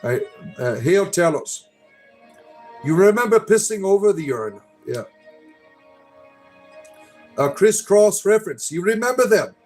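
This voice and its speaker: A man's voice: sits high, big pitch swings, measured pace, pauses often, a little mellow, faint music behind. Joking middle-aged man hosting a livestream. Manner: joking, rambling, with frequent "right?" tags. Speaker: livestream host. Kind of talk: casual chat reading viewer comments.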